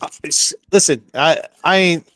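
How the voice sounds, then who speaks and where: A man's voice: fairly high pitch, a little slow, fairly bright tone, no room sound, clean studio sound. A man, co-hosting a podcast and ranting about a game in a profane, heated way, repeating himself. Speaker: podcast co-host. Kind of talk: casual sports rant.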